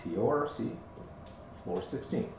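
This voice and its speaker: A man's voice: medium pitch, animated, a little slow. A man running a tabletop game as game master, loose and joking, swearing casually as he narrates. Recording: very echoey room, distant mic, faint hiss.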